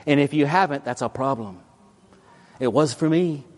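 A man preaching a sermon as a pastor. He tells personal stories in an animated, emphatic way that swings between loud and quiet. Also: medium pitch, normal speed.

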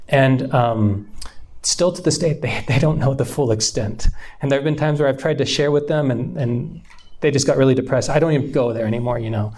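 Young man, candid storytelling testimony, mid-pitched, loose and earnest. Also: a little fast, a little mellow. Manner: casual, earnest, many fillers and restarts.

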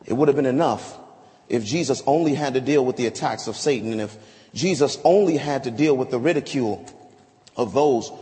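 A man preaches in a sermon, dramatic and theatrical, acting out scripture scenes in different voices. His voice sits high and swings widely in pitch. It rings with a long reverb, as in a large church hall. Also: dark tone.

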